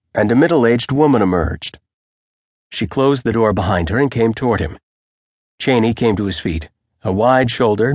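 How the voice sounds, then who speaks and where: Male narrator for an audiobook: low, husky, measured, dry studio sound. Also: no room sound. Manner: measured, even storytelling. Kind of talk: scripted narration.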